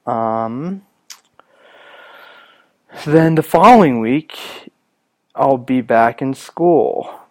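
A young man hosting a casual solo podcast, raspy from a cough, rambling with lots of ums and restarts. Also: medium pitch, expressive, very slow, pauses often. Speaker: podcast host.

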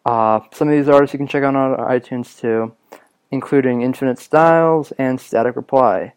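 Young male podcast host, raspy from coughing, smooth underneath, rambling and casual. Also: medium pitch, normal speed, a little mellow. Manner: rambling, many ums and restarts. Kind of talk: casual solo podcast talk.

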